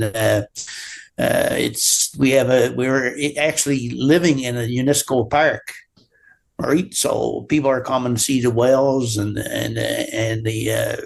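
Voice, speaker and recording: A man with a gravelly, mid-range voice and a Newfoundland accent, from Newfoundland, Canada, works as a drywall taper. He's a guest in a casual interview, rambling and often closing sentences with "right?".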